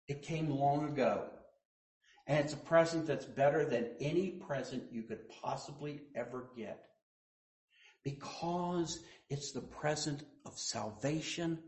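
Slow-preaching male pastor in echoey church. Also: medium pitch, expressive. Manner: storytelling preacher, quoting others in hushed voices, rising to loud emphasis. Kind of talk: sermon. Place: church sanctuary.

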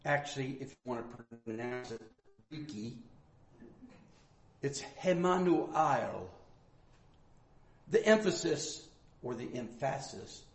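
A male pastor teaching from the Bible in a sermon, swinging between loud emphatic bursts and quiet asides. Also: on the high side. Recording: echoey room.

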